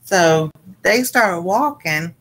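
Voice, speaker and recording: A woman casually recapping a cartoon episode for a panel show, rambling and halting with many fillers. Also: lowish voice, expressive, low-quality recording.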